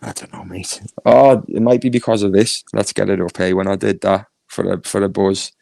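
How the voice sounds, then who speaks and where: A man's voice: on the low side, flat delivery, moderate pace, vocal fry, a little mellow, dry recording. A man with a Northern English accent chatting casually on a live stream, laughing often and reading chat comments aloud. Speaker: YouTube streamer.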